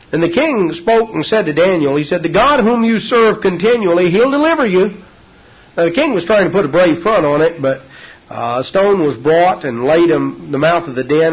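Husky folksy preacher, dull lo-fi recording. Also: male voice, fairly high pitch. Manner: folksy storytelling, retelling scripture in homely words. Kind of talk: sermon.

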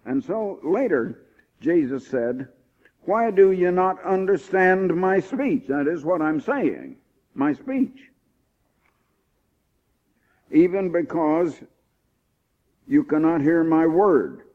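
Male preacher, emphatic sermon delivery, slightly high voice, tinny lo-fi recording. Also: expressive. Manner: emphatic, rising on key points, slows for scripture. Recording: tinny phone-like old recording.

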